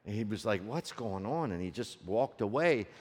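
A man preaching a sermon as a story, swinging from loud peaks to hushed low tones and asking the audience rhetorical questions. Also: expressive, normal speed. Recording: long reverb of a large hall.

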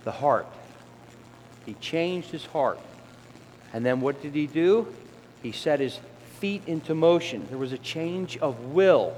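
A middle-aged man delivers a conversational sermon and now and then slips into the voices of sinners and children. His voice sits a little high. It rings with long reverb through a church hall, over a faint room hum. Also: expressive, slow pace, pauses often, a little mellow. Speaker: preacher.

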